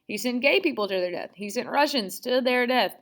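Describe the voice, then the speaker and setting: A woman's voice: fairly high pitch, animated, brisk. Chatty, sarcastic woman teacher. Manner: chatty, sarcastic asides, lots of "like". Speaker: history teacher. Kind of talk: casual classroom lecture.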